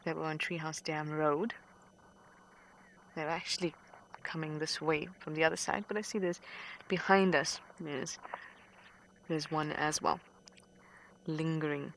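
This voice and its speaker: A woman safari guide giving quiet, patient live commentary outdoors at an animal den. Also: low voice, fairly even intonation, a little slow, long pauses, a little hiss or hum, poor audio.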